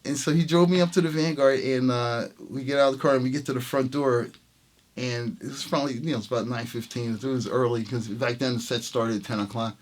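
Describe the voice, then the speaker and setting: A jazz trumpet player telling a story in an interview, laughing often and acting out the lines of the people in it. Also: male voice, medium pitch, fairly even intonation, brisk. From New York City. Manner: laughing, reenacts quotes with voices.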